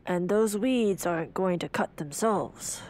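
A woman's voice: lowish voice, a little slow, darkish tone, slight background noise, close to an everyday voice. A woman voicing a pompous middle-aged male town mayor who speaks in a formal, old-fashioned way.

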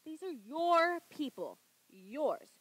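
A woman's voice: high-pitched, big pitch swings, takes it slowly, fairly bright tone, heavily acted, rough recording. A woman acting in a live stage play as a wife who keeps pressing her husband with vivid, insistent storm narration. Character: relentless wife pressing husband in lifeboat game. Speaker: stage actor. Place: theater stage.

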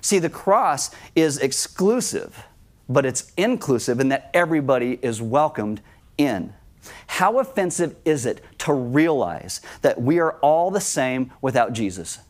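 A man's voice: mid-range voice, big pitch swings, a little slow. A man preaching a sermon as pastor, emphatic, and he acts out the voices of people he quotes. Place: church.

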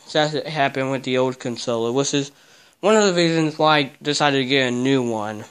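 A young man vlogging while he tidies a messy bedroom, grumbling and cursing as he goes. His voice is smooth and clear, sitting at a middle pitch for a man. He is recorded on camera in the room. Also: fairly quick, a bit bright. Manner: grumbling, swears a lot. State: out of breath. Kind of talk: casual vlog while cleaning. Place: cluttered bedroom, indoors.

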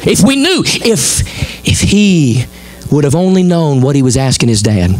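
A middle-aged man with a Southern American accent, preaching a sermon as pastor, folksy and animated, acting out the people in the story in quick voices. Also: medium pitch.

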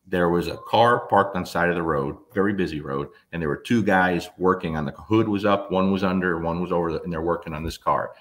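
A man's voice: low-pitched, a little fast, few pauses, fairly bright tone, slight background noise. A man in his fifties, a dog trainer, telling a story in a blunt, emphatic way and swearing freely. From New Jersey. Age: 50s. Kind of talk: casual storytelling monologue.

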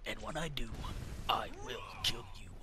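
A man putting on the voice of a gruff male avenger in a whispered role-play, low and menacing. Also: moderate pace, background noise, lightly acted.

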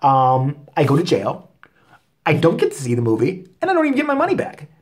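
A man's voice: on the high side, wildly swooping pitch, a little fast, a little hiss or hum. A man telling an angry story as a vlog rant, cursing constantly and getting worked up. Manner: angry, expletive-heavy storytelling. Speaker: vlogger. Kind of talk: profane comedic rant.

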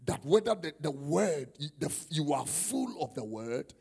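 A man with a Ghanaian accent preaching a conference sermon, mixing Twi and English and bursting into shouts. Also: on the high side, big pitch swings, unhurried, creaky, husky. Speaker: prophet. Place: conference hall.

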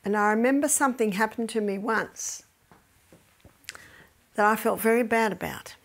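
A woman's voice: fairly high pitch, normal speed, vocal fry. A middle-aged woman gives a faith-based health lecture, telling stories with animation and often dropping to near-whispers.

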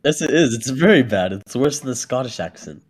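A man's voice: mid-range voice, expressive, a little fast, a little hiss or hum. A man in a heated online voice-chat debate, defensive and insulting, pushing back with stammers. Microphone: phone.

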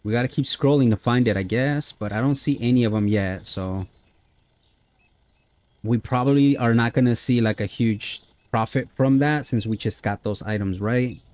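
A man's voice: medium pitch, normal speed, a little mellow, dry recording. A man giving friendly, casual let's-play commentary on a simulation game, chatting with his viewers and dropping many "uh" fillers. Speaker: gaming YouTuber.

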